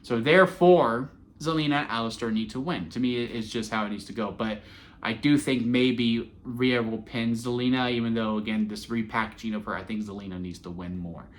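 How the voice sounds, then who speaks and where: A man's voice: medium pitch, fairly quick. A man reviewing a wrestling show in a casual, opinionated monologue, with frequent fillers and restarts.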